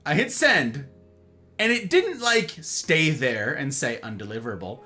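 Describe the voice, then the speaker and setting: A man with a fairly high, bright voice hosts a casual livestream, swinging his pitch widely as he talks. He greets his viewers one by one and tosses in playful jokes. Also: measured pace. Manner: animated, greets viewers warmly by name; playful, jokey asides. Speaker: livestream host.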